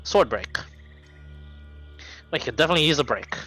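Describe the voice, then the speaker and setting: Bright-voiced man running a tabletop game. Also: a little high, animated, moderate pace, slightly rough, faint music behind, rough recording. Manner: rambling narration full of ums and restarts. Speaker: game master.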